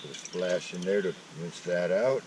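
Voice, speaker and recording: A man's voice: low voice, normal speed, far from the mic, very noisy. A man casually chatting while cooking breakfast at a mountain campsite, folksy with joking asides. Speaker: outdoor vlogger. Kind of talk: casual camp-cooking vlog.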